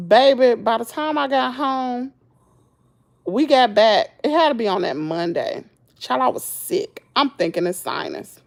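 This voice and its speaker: A woman's voice: a little high, a little slow, vocal fry. A Southern American woman vlogger telling a story in casual chat, acting out what people said and laughing often. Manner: animated storytelling, acts out quotes, frequent laughter.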